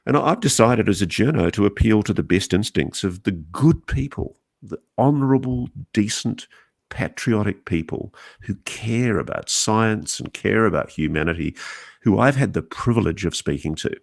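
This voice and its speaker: A deep-voiced, middle-aged Australian man talks in an earnest, measured way, now and then halting to restart a thought. His low voice carries a gravelly edge. He sounds like a guest author answering interview questions. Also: animated.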